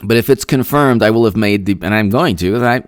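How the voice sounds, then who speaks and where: A man hosting a political commentary livestream, reading out viewer comments and thanking them by name in an excitable, rambling way, often repeating himself. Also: fairly low pitch, fast, no echo, clean studio sound.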